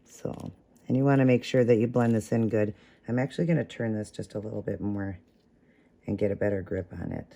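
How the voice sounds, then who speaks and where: A man's voice: fairly low pitch, steady tone, a little fast, creaky, warm tone. A man hosting a casual step-by-step craft tutorial, chatting while he works and correcting his own slips of the tongue.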